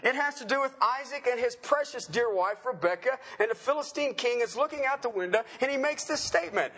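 Middle-aged male pastor, high lively voice, bright and a little husky, jokey sermon delivery. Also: brisk, few pauses. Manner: joking, animated preaching with frequent laughs.

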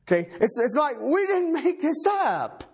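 A man preaching a sermon as pastor, emphatic, swinging between loud and low. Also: big pitch swings, a little slow.

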